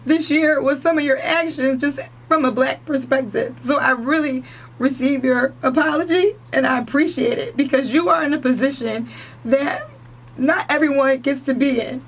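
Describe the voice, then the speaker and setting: High-voiced tearful American woman co-host. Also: normal speed, rough recording. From United States. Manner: earnest, tearful, repeats herself. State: crying at times. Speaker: radio morning show co-host. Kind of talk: emotional radio interview.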